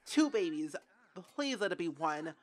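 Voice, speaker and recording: A young adult woman commentating her gameplay, dramatic and quick to cry out in dismay. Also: fairly low pitch, very animated. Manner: dramatic, shrieks and cries out in dismay. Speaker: game streamer.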